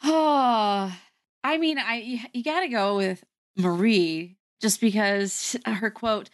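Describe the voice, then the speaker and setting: A woman's voice: on the high side, animated, measured pace. A young woman co-hosting a podcast, chatting casually about a movie, laughing often and saying "like" a lot. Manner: giggly, lots of "like" and laughter. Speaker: podcast co-host.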